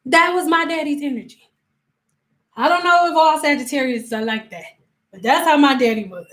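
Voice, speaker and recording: A woman hosting a casual livestream as a spiritual coach, telling animated stories full of slang and acted-out quotes. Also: sits high, brisk. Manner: emphatic repetitions.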